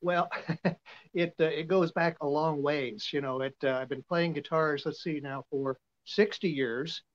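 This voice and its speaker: A man's voice: fairly high pitch, steady tone, measured pace. A man in his seventies, from Nebraska, telling stories as a podcast guest in a folksy, rambling way with many fillers. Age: 70s. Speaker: guest, vintage guitar dealer. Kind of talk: casual storytelling. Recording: dull, lo-fi sound.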